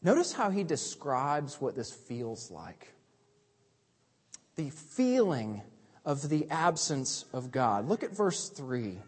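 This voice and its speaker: A man preaching from the pulpit with a high, very lively voice that rises and drops sharply. He swings between urgent emphasis and hushed asides. His voice rings through the long echo of a large church sanctuary. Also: slow, breathy edge. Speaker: pastor. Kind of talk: sermon. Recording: long reverb of a large hall.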